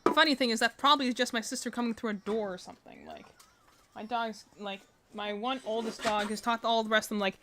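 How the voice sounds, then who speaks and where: A woman's voice: on the high side, fast talker, noisy background. A young woman streaming from home, chatting casually and rambling with lots of fillers and laughs. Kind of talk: casual chat while crocheting. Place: home with barking dogs.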